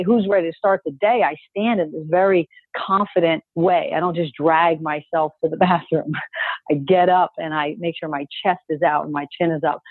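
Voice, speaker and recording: A woman's voice: on the low side, breathy edge, no room sound. A woman coach giving an upbeat, emphatic motivational talk, coaxing listeners to repeat phrases after her, heard over a call. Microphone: call audio. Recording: dry tinny phone-like call audio.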